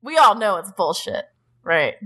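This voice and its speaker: Young woman podcast co-host, lively sarcastic recap voice with a casual, filler-heavy delivery. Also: medium pitch, unhurried, husky. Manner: animated, frequent "like", sarcastic swearing.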